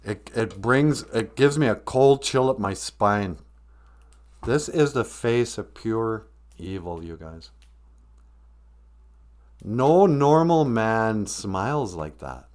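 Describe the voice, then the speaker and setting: A man's voice: on the low side, expressive, slow, pauses often, darkish tone. A man in his fifties hosting a comedy podcast, mocking a video clip in a sarcastic way. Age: 50s. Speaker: podcast host.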